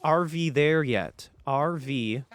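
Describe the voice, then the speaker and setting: A young man hosting his own podcast, rambling through a casual comedic monologue with deadpan sarcasm. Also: a little high, slow pace, clear, resonant tone, dry recording. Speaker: podcast host.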